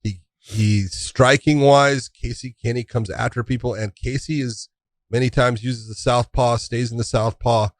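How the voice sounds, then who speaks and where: A man co-hosting a sports podcast, giving thoughtful, measured fight breakdowns. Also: mid-range voice, steady tone, dry recording. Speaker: podcast co-host, fight analyst. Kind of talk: casual sports analysis.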